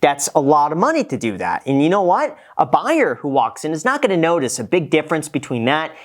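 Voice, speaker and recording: A man's voice: a little high, very animated, fairly quick. A man hosting a casual reaction show, a former real estate agent who gives frank, cost-minded critiques of a home tour.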